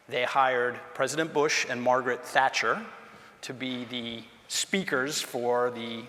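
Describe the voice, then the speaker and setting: A man at a lectern tells an anecdote from his years as a presidential aide, acting out the dialogue with animated swings in his delivery. His voice sits in a middle register. A long reverb from the lecture hall trails each phrase. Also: medium pitch. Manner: animated storyteller, acts out quoted dialogue.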